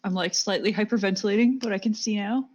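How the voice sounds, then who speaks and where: A woman playing a tabletop game on stream, giggly and excitable. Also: medium pitch, fast talker. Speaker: player. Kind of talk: casual tabletop play. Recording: dull, husky lo-fi mic.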